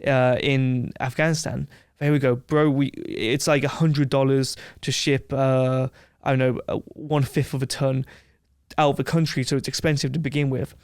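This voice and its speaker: A man as a podcast guest, telling rambling, animated anecdotes with frequent laughs in a casual interview. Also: mid-range voice, moderate pace, smooth, no room sound, clean studio sound.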